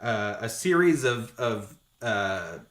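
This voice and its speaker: A man's voice: on the low side, big pitch swings, takes it slowly, background noise. A man co-hosting a podcast in casual chat, retelling a film scene in wry detail with frequent chuckles. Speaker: podcast co-host. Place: shared recording room. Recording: roomy echo.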